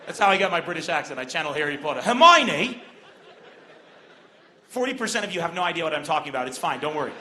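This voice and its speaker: Comédien libanais exubérant sur une scène en plein air. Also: male voice, a little high, racing, hardly any pauses, a little hiss or hum. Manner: brash and animated storytelling. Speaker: stand-up comedian. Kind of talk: stand-up comedy set. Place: outdoor festival stage. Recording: echoey open-air stage with crowd.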